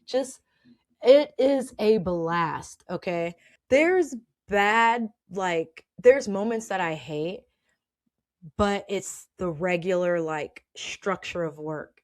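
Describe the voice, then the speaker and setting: A woman's voice: lowish voice, expressive, takes it slowly. A woman hosting a podcast, telling her own work stories in a chatty, emphatic way, often checking in with "okay?" and laughing. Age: adult with children. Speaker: podcast host. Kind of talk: casual storytelling monologue.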